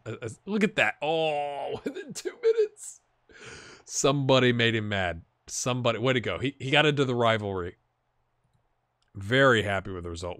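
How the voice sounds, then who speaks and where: A man's voice: lowish voice, no echo. A man giving casual commentary on a football management game, talking to his players on screen and chatting with viewers. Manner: excitable, talks to the players on screen. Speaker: gaming YouTuber. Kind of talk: casual Let's Play commentary.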